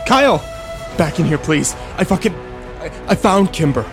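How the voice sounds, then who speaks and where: A man voicing a desperate, furious young man who screams in a high, frantic voice. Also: normal speed, music in the background, close to an everyday voice.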